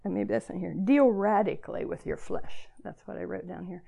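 Older woman over sixty, earnest homespun preacher with a gravelly voice and a mellow tone. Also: medium pitch, brisk. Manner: earnest, self-deprecating, emotional at times. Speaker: speaker addressing girls at church gathering. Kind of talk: sermon.

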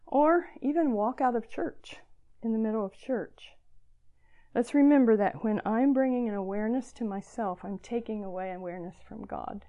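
An older woman past sixty gives an earnest sermon to girls at a church gathering, sometimes emotional and often poking fun at herself. Her voice is fairly high and moves at a normal speed, though the recording has its highs cut off.

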